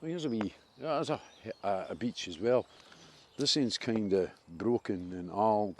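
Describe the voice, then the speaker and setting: Speaking at a measured pace in a lowish voice, a Scottish vlogger offers casual commentary while walking through a wooded park. He's enthusiastic and rambles on about trees and nature.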